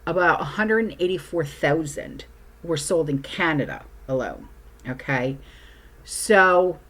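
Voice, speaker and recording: A woman's voice: sits low, expressive, a little slow, a bit bright. A woman hosting her channel, talking casually through news items and often checking in with "okay?". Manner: chatty, frequent "okay?" check-ins. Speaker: channel host.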